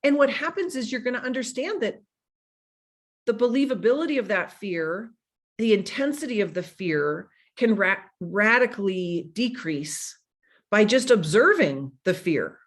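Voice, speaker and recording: A woman giving an energetic motivational talk as a speaker, animated and playful, coaching her listeners directly. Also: medium pitch, unhurried.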